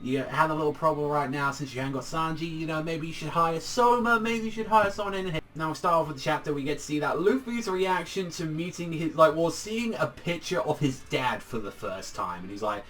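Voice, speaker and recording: A man's voice: a little high, a little fast, hardly any pauses, a bit bright. Young male manga reviewer, casual and profane, lots of "like", mic a bit far off. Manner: loose and profane, heavy on filler "like".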